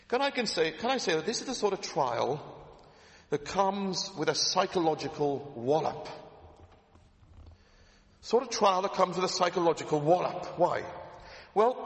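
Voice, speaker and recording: A man preaching a sermon, emphatic, repeating his key phrases and asking rhetorical questions. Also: fairly high pitch. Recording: echoey hall with long reverb.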